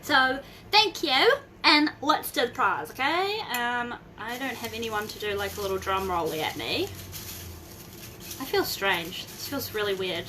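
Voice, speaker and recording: A young woman, hosting a casual live video from home, rambling and bursting into excited squeals. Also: a little high, unhurried, background noise. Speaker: host of a Facebook group live video.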